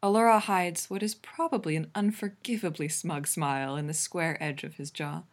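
A woman reading a fan fiction story aloud in a calm, even narrating voice. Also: sits low, normal speed. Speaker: reader.

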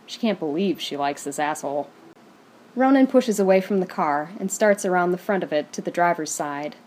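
A woman reading fan fiction aloud in a steady, even storytelling manner. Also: on the low side, moderate pace, slight background noise.

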